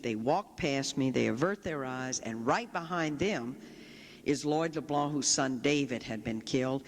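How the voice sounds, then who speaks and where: A Catholic sister giving a public talk, telling a story vividly and often quoting people directly. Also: female voice, rumbling low. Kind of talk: storytelling lecture. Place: large chapel. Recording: long reverb of a large chapel.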